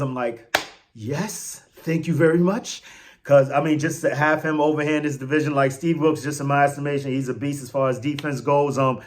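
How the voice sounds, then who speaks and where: Slangy guy fan host ranting about his team, kinda higher voice, gets loud and hyped. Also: normal speed, a little hiss or hum. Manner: animated, slangy, emphatic outbursts. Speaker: sports podcast host. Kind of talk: casual fan commentary.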